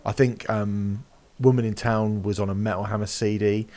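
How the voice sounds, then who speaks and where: Animated man telling a gig story. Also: fairly low pitch, moderate pace. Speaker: podcast guest. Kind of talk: casual chat.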